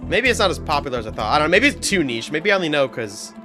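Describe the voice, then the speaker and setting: A man's voice: a little high, sing-song, racing, over music. A man live-streaming a game, chatting and laughing with his chat in a joking way. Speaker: gaming streamer.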